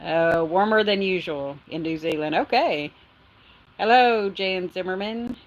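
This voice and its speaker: On a casual phone livestream, a middle-aged woman from Texas speaks in a slightly low voice at a measured pace, and the sound is lo-fi. She chats easily with her audience, reading their comments aloud and laughing often between remarks.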